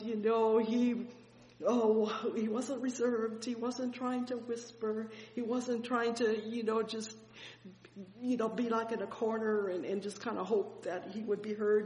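Slow fervent preacher, gets loud then soft, lots of oh my, roomy hall echo. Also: medium pitch, steady tone. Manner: fervent storytelling with sudden swells and drops in loudness; frequent fillers and exclamations like oh my. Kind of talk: sermon. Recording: echoey hall reverb.

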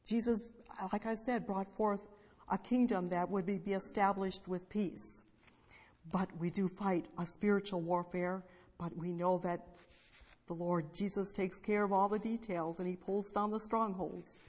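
A woman's voice: mid-range voice, steady tone, a little slow, darkish tone. A woman preaching a sermon, reading scripture aloud and explaining it plainly with small restarts. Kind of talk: sermon Bible teaching. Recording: long hall reverb.

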